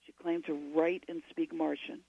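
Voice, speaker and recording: A woman with a gravelly, mellow voice talks through her ideas at length, wandering from point to point as she explains. The sound is dry and dull, like lo-fi radio audio. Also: sits low, level tone, normal speed. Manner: long, digressive explanations. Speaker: guest author.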